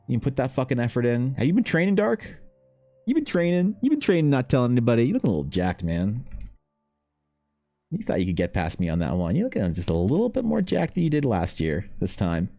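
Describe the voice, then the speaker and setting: A man's voice: medium pitch, mellow. A young man streaming live, chatting casually with viewers, rambling, swearing freely, and calling everyone man or bro. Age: young adult. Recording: faint music behind.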